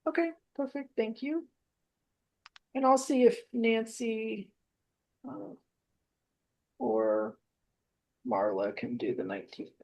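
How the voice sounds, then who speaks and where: A woman's voice: on the high side, sing-song, vocal fry, a little mellow. A woman facilitating a casual book discussion group, keeping the time and wrapping up the meeting. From New Orleans area. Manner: brisk, keeps time, reads aloud.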